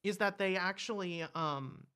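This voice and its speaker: A man's voice: high voice, unhurried, pushed and bright, clean tone. A man co-hosting a casual chat, rambling and joking, often restarting his sentences. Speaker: co-host.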